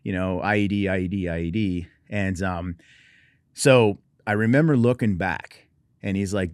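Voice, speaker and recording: A man's voice: sits low, moderate pace, clean tone, no room sound, clean studio sound. A middle-aged man from Oregon, a military veteran guest telling his story in a wry, understated, self-deprecating way. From Oregon, USA. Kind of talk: personal storytelling in conversation.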